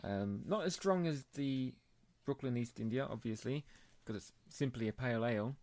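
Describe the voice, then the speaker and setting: A man co-hosting a beer podcast in casual chat, chatty and quick to laugh. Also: mid-range voice, darkish tone, dry recording. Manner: chatty, laughs often, puts on joke accents. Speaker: podcast co-host.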